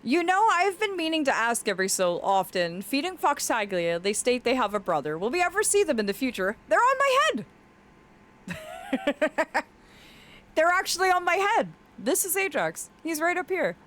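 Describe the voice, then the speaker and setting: A woman's voice: high voice, very animated, normal speed, a bit bright. A woman streaming, chatting casually and affectionately with her chat, her voice cracking now and then. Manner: affectionate, reads chat aloud, often laughs.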